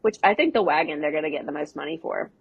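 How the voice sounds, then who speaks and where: A young adult woman co-hosting a podcast, recapping scenes in casual chat and dropping into quick voice impressions with laughs. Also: deep voice, gravelly, husky, muffled recording. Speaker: podcast co-host.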